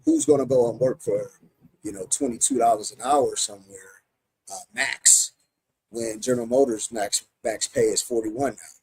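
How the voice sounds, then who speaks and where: Emphatic husky American man. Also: medium pitch, steady tone, moderate pace, a little mellow, no echo, poor audio. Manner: emphatic, many repeated restarts. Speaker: union president. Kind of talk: podcast interview answers.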